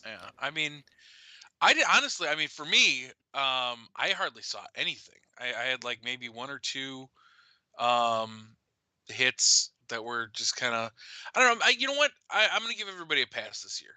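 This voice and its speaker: A middle-aged man co-hosting a casual chat show, animated and laughing as he tells a story. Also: mid-range voice, normal speed, dry recording, low-quality recording. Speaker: co-host.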